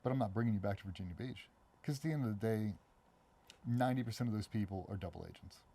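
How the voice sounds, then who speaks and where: This husky-voiced middle-aged man, once a Navy SEAL, is a guest in a relaxed interview. He rattles off animated stories at a fast clip and performs other people's lines in a far higher voice.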